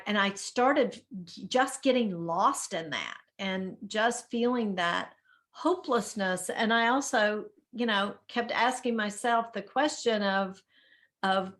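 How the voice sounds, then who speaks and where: A middle-aged woman sharing a personal story in casual talk, halting and reflective, often stumbling over words. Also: mid-range voice, fairly bright tone.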